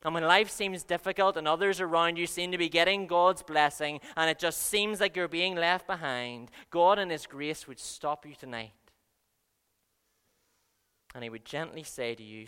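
A man preaching a sermon, earnest, swinging between soft and loud passages. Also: on the high side, normal speed, clean tone. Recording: long reverb of a large hall.

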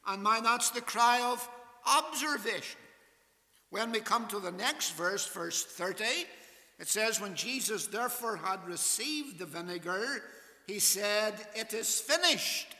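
A man preaching a sermon in a measured way, quoting scripture in King James wording. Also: high-pitched, expressive, sharp tone, long reverb tail. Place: church.

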